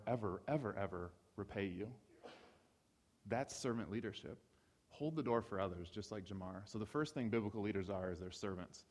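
A man from Ohio giving a sermon-style talk, telling stories with animation and repeating key phrases for emphasis. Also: lowish voice. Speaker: speaker. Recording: reverberant hall.

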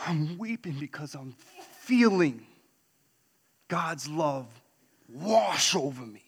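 A man sharing a personal faith testimony in an earnest storytelling way, dropping to a hush and then rising to loud excitement. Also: sits high, in a large hall. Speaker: church member sharing his testimony.

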